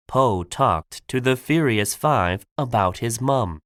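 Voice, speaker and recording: A man narrating a simple graded-reader audiobook for learners, clear and deliberate. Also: medium pitch, lively intonation, a bit bright, no echo, studio quality.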